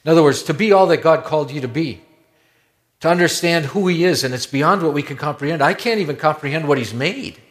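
Man preaching a conversational sermon. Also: fast talker. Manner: conversational, wondering, often drops to a hushed low tone. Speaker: pastor.

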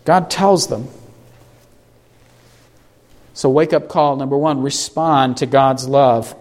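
A man preaching an expository sermon, reading scripture slowly for emphasis and asking the congregation rhetorical questions. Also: medium pitch, a little mellow. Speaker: pastor.

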